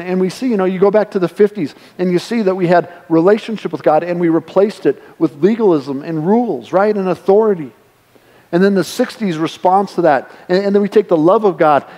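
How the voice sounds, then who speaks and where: High-voiced man preaching in a reverberant hall. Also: a little mellow. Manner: conversational preaching, acts out quoted voices. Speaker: pastor. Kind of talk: sermon. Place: church sanctuary.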